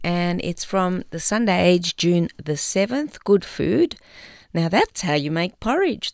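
An older woman from Australia reading a film review aloud in a wry, expressive way. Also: fairly low pitch, vocal fry, no echo, studio quality. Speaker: co-presenter reading an article.

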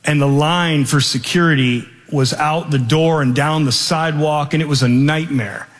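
A man's voice: a little high, moderate pace. Man telling a story in a reverberant hall. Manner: lively, animated, acts out every voice. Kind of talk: personal storytelling to an audience.

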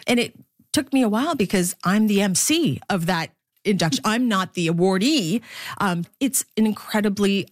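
A woman's voice: mid-range voice, animated, moderate pace, no echo, studio quality. A middle-aged woman, a baseball broadcaster from the Philippines, talking candidly as an interview guest and laughing often.

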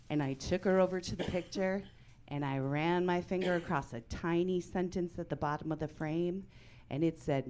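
A woman in her forties performing a stand-up comedy set, with a dry deadpan delivery that breaks into loud bursts of mock outrage. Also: lowish voice, moderate pace. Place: comedy club stage before a live audience.

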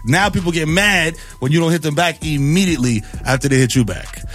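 A man, hosting morning radio and riffing in animated banter. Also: fairly high pitch, fairly quick, soft background music. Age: 40s. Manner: animated, riffing, lots of "you know what I'm saying". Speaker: radio host. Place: radio studio.

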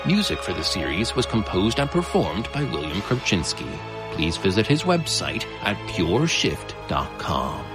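A male narrator reading the production credits in a measured, formal way. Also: low voice, huge pitch swings, over music.

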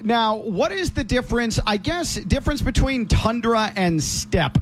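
A man's voice: very high voice, expressive, measured pace, background noise. A man who works as a sports broadcaster, talking sports casually and emphatically as a co-host. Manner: emphatic, opinionated.

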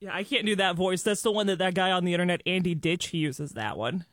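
A man co-hosting a casual sports stream, tossing in quick joking asides. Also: high-pitched, fairly bright tone, dry recording, clean studio sound. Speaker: co-host. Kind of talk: casual banter.

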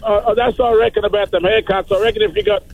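A man calling in to a radio show, talking in a halting, laid-back way with stammers. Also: sits high, fairly even intonation, gravelly, husky, phone-quality sound. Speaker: radio caller. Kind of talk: casual call-in chat.

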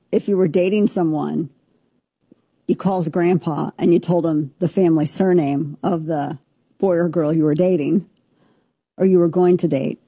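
A woman in her forties from Southern Missouri, co-hosting a casual talk show and telling a family story with lively, joking asides. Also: fairly low pitch, husky, dry recording, studio quality. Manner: animated, jokey, talks over herself. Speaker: show co-host.

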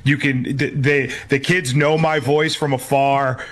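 A man from Connecticut, a regular on a sports radio show, telling stories loudly and excitedly. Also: mid-range voice, unhurried. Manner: loud, excitable storyteller. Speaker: radio show regular, youth baseball coach. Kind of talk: casual sports radio banter. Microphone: remote microphone.

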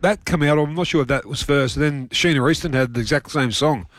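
A man bantering on talk radio who laughs readily. His voice sits a little high. He chats casually. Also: fairly bright tone, a little hiss or hum. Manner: quick to laugh. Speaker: co-host.

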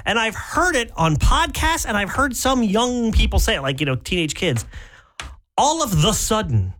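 A man's voice: high-pitched, sing-song, normal speed, bright, forceful tone, slight background noise. A middle-aged American man co-hosting a morning radio show, chatting casually and fussing over correct pronunciation. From United States. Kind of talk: casual on-air banter.

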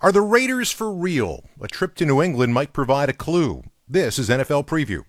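A man hosting a scripted radio football preview in a brisk presenter style. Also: fairly high pitch, very animated, a little hiss or hum. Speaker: sports show host.

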